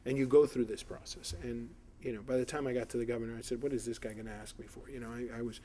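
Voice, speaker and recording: Man with a dark, flat voice, rambling. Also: mid-range voice, quick pace. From South Florida. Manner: rambling, many fillers and restarts. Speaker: political candidate. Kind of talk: editorial board interview.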